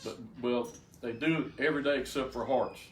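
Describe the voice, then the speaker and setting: A fairly quick, mid-range male voice belongs to an older man telling a group his personal story in a folksy, plainspoken way, often stammering and starting over. A distant mic picks him up in a roomy space with faint noise behind.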